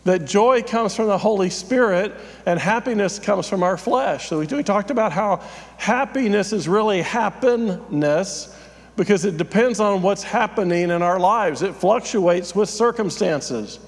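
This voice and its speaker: A man's voice: sits high, lively intonation, measured pace, big-room sound. A man, a pastor, giving a conversational, self-deprecating sermon with frequent fillers.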